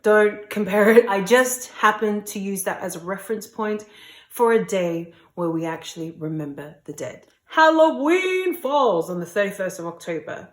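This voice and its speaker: Woman travel vlogger, casual and talkative, middle pitch, echoey recording. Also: sing-song, normal speed. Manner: chatty, jumps between playful and emotional. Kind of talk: casual vlog talk to camera. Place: outdoors at cemeteries.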